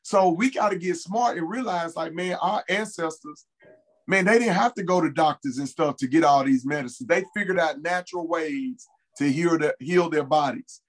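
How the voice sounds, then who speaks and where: A man's voice: a little high, normal speed, low-quality recording. A man as an interview guest, telling a personal story in a casual, earnest way and repeating key phrases for emphasis.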